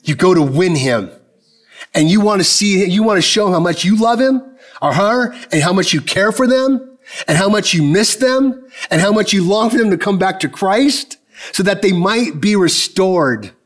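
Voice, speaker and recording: A man in his fifties delivers a sermon to his church, his voice sitting a touch higher than most men's. He carries his message through personal stories, slipping into other people's words by lowering his voice to play them. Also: expressive, moderate pace, a bit bright. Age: 50s. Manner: storytelling, acting out dialogue in lowered voices. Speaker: pastor.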